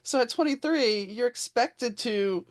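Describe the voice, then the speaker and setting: A woman's voice: a little high, unhurried. A woman in her fifties from Louisiana, hosting a casual interview in a friendly, conversational way. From Louisiana, USA. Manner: friendly, conversational, chiming in with agreement. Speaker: podcast host.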